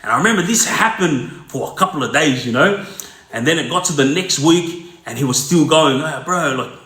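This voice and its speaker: A man's voice: fairly high pitch, lively intonation, brisk, fairly bright tone. A middle-aged Australian man telling street-wise prison stories in a blunt, casual way, checking in with "yeah?" and "you know". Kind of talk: casual spoken storytelling. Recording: roomy echo.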